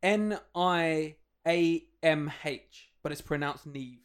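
A man's voice: on the high side, takes it slowly, smooth. A man co-hosting a podcast in casual chat, who swears freely, acts out what people said and laughs a lot. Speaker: podcast co-host.

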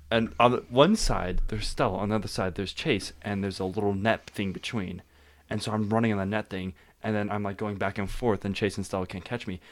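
A young man telling a story in casual podcast chat, laughing often and animated. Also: lowish voice. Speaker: podcast guest.

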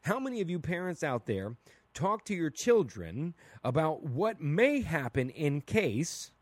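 A man hosting a solo podcast, talking through his opinions in a casual, blunt and animated way, asking "right?" again and again. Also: a little high, unhurried, dry recording. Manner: casual and blunt, with mild swearing. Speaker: podcast host.

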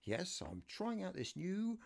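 A man's voice: high-pitched, huge pitch swings, a little slow, vocal fry, darkish tone. A man hosting his own casual home radio show on a new condenser mic, chatty and jokey. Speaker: amateur radio show host. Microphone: new USB condenser mic.

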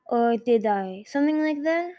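A woman voicing a sleepy, slow-witted young male dragon in a storybook reading, mild and mumbling. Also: a little high, expressive, dark tone.

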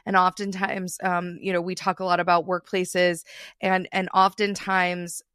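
This is a woman hosting an interview podcast. Her voice is smooth and clear, dry and close to the mic, and she builds her question slowly while thinking it through. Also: fairly low pitch, level tone, fairly bright tone, no room sound. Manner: thoughtful, many restarts and fillers. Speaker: podcast host.

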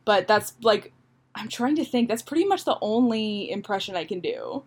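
A woman's voice: medium pitch, lively intonation, normal speed, husky. A young woman co-hosting a podcast in casual chat, rambling with lots of fillers and frequent laughs. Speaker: podcast co-host.

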